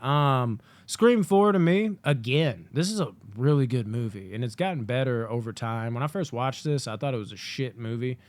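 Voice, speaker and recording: A man co-hosting a podcast, talking excitedly and cursing often in a casual movie debate, now and then acting out a villain's lines. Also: mid-range voice, moderate pace, hardly any pauses, dry recording. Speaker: podcast co-host.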